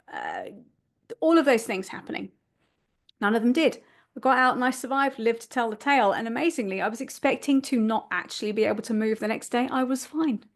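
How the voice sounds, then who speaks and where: A woman's voice: a little high, expressive, a little fast. Self-mocking woman telling a story. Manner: self-deprecating, laughs at herself. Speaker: podcast host and family constellations facilitator. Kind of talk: storytelling monologue.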